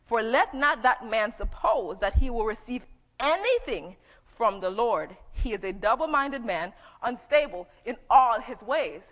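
Woman preacher, fairly high voice, long hall reverb, muffled sound. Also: very animated, unhurried, a bit bright. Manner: conversational Bible teaching, reading scripture aloud. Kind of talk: sermon. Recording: dull echoey hall.

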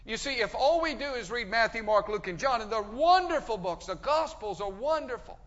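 A man preaching a sermon, emphatic, pushing his voice up loud and dropping it low. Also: animated, moderate pace. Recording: dull sound with long hall reverb.

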